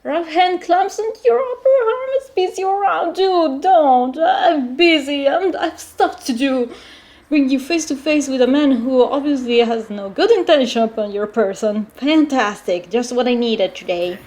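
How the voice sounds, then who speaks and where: A woman reading an interactive story game aloud, breaking off into animated, laughing reactions. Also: high-pitched, measured pace.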